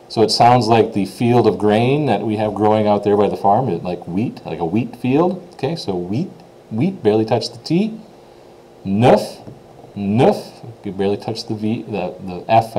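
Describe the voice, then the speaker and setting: A man with English as his first language, giving an informal French pronunciation lesson, chatty, repeating words slowly and checking in with "okay?". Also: on the low side, a little mellow, a little hiss or hum, poor audio. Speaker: French teacher.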